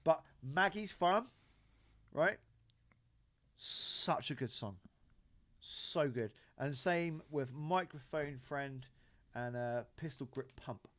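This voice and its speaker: A man's voice: fairly high pitch, slow, long pauses, a bit bright, no room sound. A British man co-hosting a podcast, talking music in an easygoing, enthusiastic, slangy way. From Britain. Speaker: podcast co-host. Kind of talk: casual chat.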